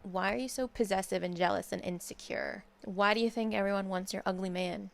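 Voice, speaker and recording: Blunt, sarcastic young woman with vocal fry. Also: medium pitch, steady tone, brisk. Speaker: commentary YouTuber. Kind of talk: casual commentary rant.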